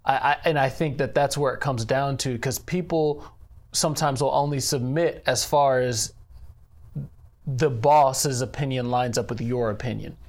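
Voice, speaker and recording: A man who directs a church ministry, speaking earnestly in an interview about faith, measured and leaning on "you know.". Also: mid-range voice, fairly even intonation.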